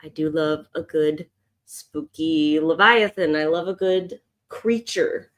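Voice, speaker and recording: A woman's voice: low voice, slow pace. A woman hosting a live sketch session as an art teacher, chatting casually and thinking aloud as she draws. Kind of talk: casual live drawing stream.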